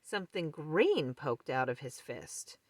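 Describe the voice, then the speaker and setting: Slow expressive woman reading a picture book. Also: sits low, no room sound, clean studio sound. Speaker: storyteller. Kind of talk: children's book read-aloud.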